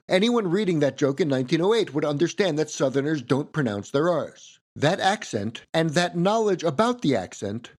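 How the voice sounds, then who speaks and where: Male podcast host, scripted narration, wry, animated pitch. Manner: playful, wry asides.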